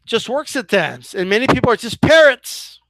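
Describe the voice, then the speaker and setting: A man's voice: very high voice, sing-song, normal speed, fairly bright tone, no room sound. A man ranting in a casual vlog as a boxing commentator, swearing freely, stumbling into restarts and keeps asking his viewers "right?". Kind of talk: casual opinion rant.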